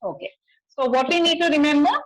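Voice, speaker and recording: A woman with an Assamese accent leads a classroom biology lecture at a high pitch. She talks quickly, switches between English and Assamese, and keeps checking in with her students. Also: fairly even intonation, low-quality recording. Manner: asks students frequent check questions, mixes English and Assamese. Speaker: biology teacher.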